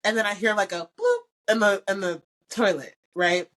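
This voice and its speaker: A woman's voice: mid-range voice, normal speed. A young woman hosting a podcast, telling a personal story in casual chat, full of "like" and acted-out quoted dialogue. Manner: candid, animated quoted dialogue, frequent "like". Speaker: podcast host.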